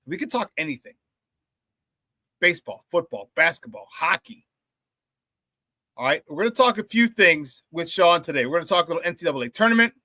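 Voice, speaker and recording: A man hosting a casual morning sports radio show, talking with energetic, slangy hype. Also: a little high, a little fast, long pauses, no echo, clean studio sound.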